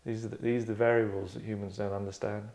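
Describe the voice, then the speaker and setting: Gravelly, darkish, and on the low side, this middle-aged man's voice comes out fast with a flat delivery. The writer and podcast host rambles through a casual chat, cutting himself off to perform quotes.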